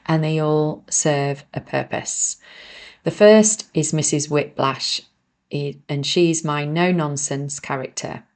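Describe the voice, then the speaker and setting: An author and podcast host with a low, darkish voice reads passages from her self-help book. Between them she turns to her listeners with casual, self-mocking asides.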